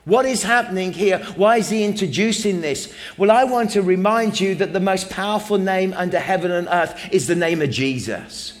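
English guy preaching a sermon, kinda high voice, earnest, keeps repeating phrases to build it up. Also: normal speed, few pauses. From England. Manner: earnest, emphatic. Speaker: pastor.

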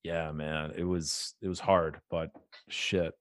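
A man's voice: very deep voice, little pitch movement, takes it slowly, no echo, studio quality. A young man in his twenties telling a story in casual chat, swearing freely, laughing mid-story and acting out what people said.

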